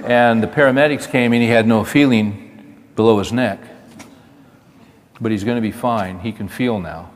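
Speaking at a men's event, a middle-aged man delivers a homespun, sermon-like talk full of repetition and breaks off to talk with people in the crowd. His voice sits on the low side at normal speed with long pauses, echoing in a reverberant hall.

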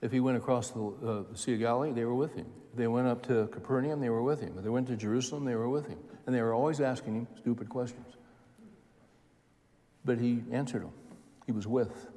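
A man's voice: medium pitch, steady tone, fast, mellow. Folksy older male preacher, echoing hall. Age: 70s. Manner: folksy, conversational preaching with repeated phrases. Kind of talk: sermon.

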